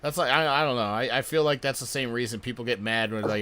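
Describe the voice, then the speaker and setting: A man's voice: medium pitch, a little fast, hardly any pauses, sharp tone. A man chatting casually on a podcast, a laid-back listener who laughs often. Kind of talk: casual chat.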